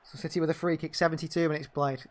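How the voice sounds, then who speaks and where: A man's voice: a little high, steady tone, rapid-fire. A man giving partisan live fan commentary on a football match, calling the play and venting at the referee. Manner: partisan, indignant outbursts at the referee.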